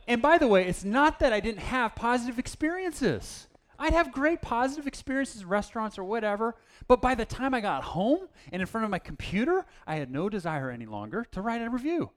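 A man's voice: very high-pitched, very animated, a little fast, hardly any pauses. A man preaching a casual, self-deprecating sermon, with plenty of fillers and restarts. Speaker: pastor.

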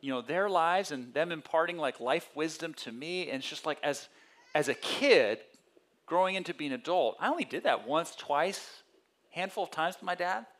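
A male pastor giving a conversational sermon, telling personal stories and acting out voices with lively energy. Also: on the high side, normal speed. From California. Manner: conversational storytelling with animated quoted voices.

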